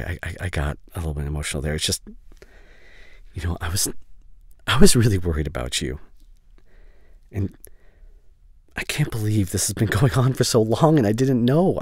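A man doing a deep, gentle boyfriend in whispered role-play. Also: breathy edge, no echo, clean studio sound. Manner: soft, halting, emotional and reassuring. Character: caring young male best friend. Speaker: ASMR voice actor. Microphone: studio condenser mic.

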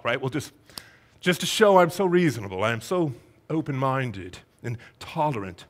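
Animated preacher with lively pitch. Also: male voice, brisk. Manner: animated storytelling, acts out Bible characters' voices; conversational, rhetorical questions to the congregation. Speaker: pastor. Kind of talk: sermon.

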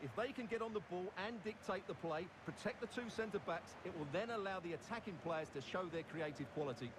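Fast-talking man giving football analysis. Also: high-pitched, lively intonation. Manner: measured tactical explanation. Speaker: co-commentator. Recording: clear game noise behind.

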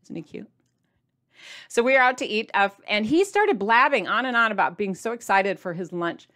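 A woman talking straight to her viewers in a casual vlog, chatty and playful, with sudden jumps in pitch for emphasis. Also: animated, normal speed, pushed and bright. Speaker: diet vlogger addressing viewers.

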